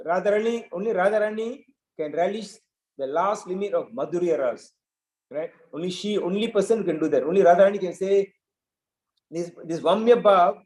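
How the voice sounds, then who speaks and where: A man's voice: high-pitched, a little mellow, reverberant, rough recording. A man giving a devotional scripture talk, retelling a story and often checking in with "right?". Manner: storytelling with frequent "right?" asides. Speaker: preacher.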